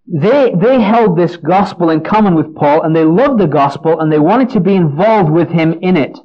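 In a dull, lo-fi recording, a man's slightly high, animated voice moves at a moderate pace. He's delivering a sincere Bible-teaching sermon, frequently starting over and repeating himself while working through a passage.

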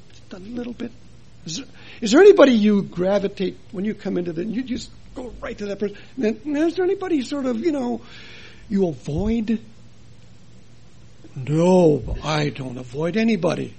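A man preaching a sermon in a chapel, earnest and full of rhetorical questions, his loudness rising and falling for emphasis. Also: high voice, creaky, breathy edge.

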